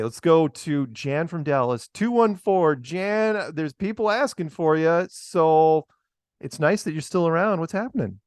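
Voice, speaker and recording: A man's voice: a little high, expressive, unhurried, clean tone, dry recording. Middle-aged male call-in host, chatty, laughs a lot, repeats himself, dry studio sound. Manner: chatty, laughs often, stammers and repeats words. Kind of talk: casual radio call-in chat.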